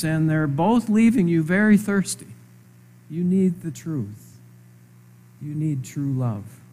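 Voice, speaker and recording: Slow, conversational preacher man. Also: a little high, darkish tone. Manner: conversational, asks the audience rhetorical questions; slow, emphatic phrasing. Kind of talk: sermon.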